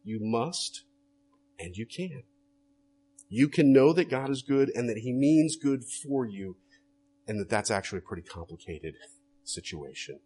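Male pastor, husky, lively intonation; earnest sermon with rhetorical questions. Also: medium pitch, unhurried, pauses often.

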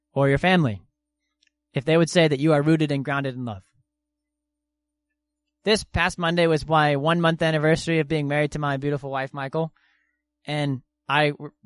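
Earnest young male preacher, slightly high voice. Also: no echo. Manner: earnest, slow and deliberate with emphatic pauses. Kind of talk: sermon.

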